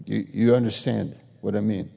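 A male preacher with a gravelly, mellow voice, delivering a sermon in a hall with long reverb. He reads scripture, tosses in sarcastic asides, and acts out both sides of imagined exchanges before building to emphatic declarations. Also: fairly low pitch, steady tone, moderate pace. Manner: acts out imagined dialogue, mocking asides, rises to emphatic passages.

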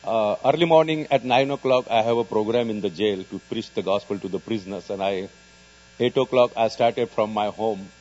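Man, Indian English accent, evangelist, personal testimony, earnest storyteller, lowish voice, muffled lo-fi sound. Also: normal speed. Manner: earnest storytelling, bursts loud and high on dramatic moments. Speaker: evangelist preaching in jails. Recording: dull lo-fi recording with faint mains hum.

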